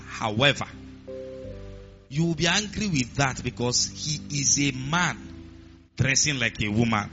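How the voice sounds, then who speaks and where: A man preaching a sermon in an emphatic, lively way, with repeated refrains. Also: mid-range voice. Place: church. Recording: muffled recording with music behind.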